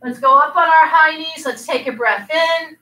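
A woman leads a children's yoga class in a sharp, high-pitched voice at a moderate pace. As the kids' yoga instructor, she's playful and teasing, using silly animal sounds to guide each pose, and she's heard from a distance in an echoey room.

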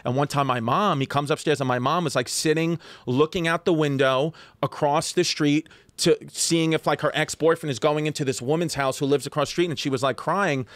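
A man in his thirties with a New York accent, telling stories rapidly in a profane, animated way. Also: a little high, no room sound. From Staten Island, New York. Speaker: comedian guest. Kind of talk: casual storytelling chat.

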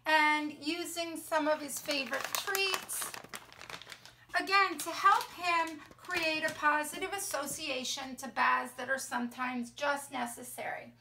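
A middle-aged woman dog trainer demonstrating how to clean a dog at an indoor sink, talking in a calm, soothing way. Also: high voice, unhurried, slight background noise.

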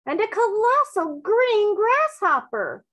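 A woman's voice: very high voice, takes it slowly, pitched above the performer's own voice, full character voice. Woman doing a flustered ship captain. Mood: alarmed. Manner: excitable, exclaiming.

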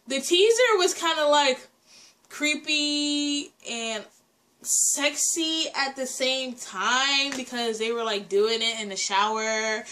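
A woman's voice: high-pitched, slow pace, bright, forceful tone. A woman giving casual reaction commentary on a music video, chatty and exclaiming, often breaking into laughter. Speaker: reaction vlogger. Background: music video song playing.

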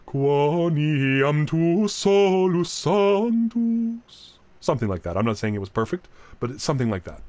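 A man's voice: a little high, darkish tone, no room sound. A man giving a recorded lecture on chant. He explains plainly, often restarts his sentences, and now and then sings short examples. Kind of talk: recorded talk.

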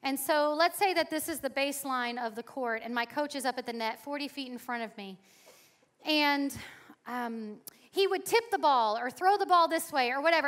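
A young adult woman from Florida preaching a sermon at a conference, telling stories with sudden loud emphasis. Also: high-pitched. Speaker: conference speaker. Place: conference hall.

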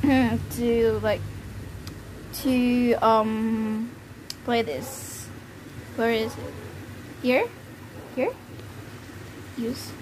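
A woman's voice: a little high, poor audio. A young woman from the Philippines chatting casually while playing a video game, easily flustered. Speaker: gamer. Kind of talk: casual gameplay commentary. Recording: faint background noise.

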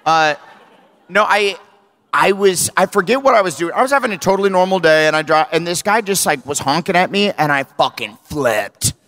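Animated, swearing man telling a story live. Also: sits high, moderate pace. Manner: animated, swearing, acts out quotes. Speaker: podcast co-host. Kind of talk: casual storytelling before a live audience. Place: live venue stage.

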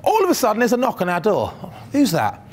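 A man's voice: high-pitched, very fast. A middle-aged man, telling a humorous story from his sprinting days to students. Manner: animated, humorous, addresses the audience directly. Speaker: motivational speaker, former sprinter.

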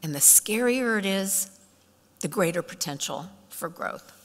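A woman's voice: medium pitch, measured pace. A middle-aged woman giving a storytelling keynote speech, acting out the voices of people in her stories. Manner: animated, acts out quoted voices. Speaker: keynote speaker. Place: conference hall. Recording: long hall reverb.

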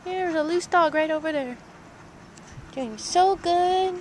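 A woman training a dog outdoors beside a park, coaching softly and breaking into high sing-song praise, on camera audio. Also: slow, slight background noise. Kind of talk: live dog training session.

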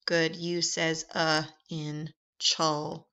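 Teaching vowels through a deliberate phonics drill, this patient, encouraging woman stretches every sound. She has a low, level voice that comes across bright, forceful, and clean in tone. Lo-fi recording, slightly dull.

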